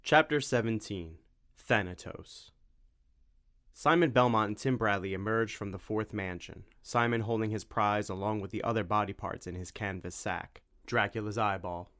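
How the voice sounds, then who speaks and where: A man's voice: fairly low pitch, normal speed. Wry male audiobook narrator. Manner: wry, lively storytelling. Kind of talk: audiobook reading.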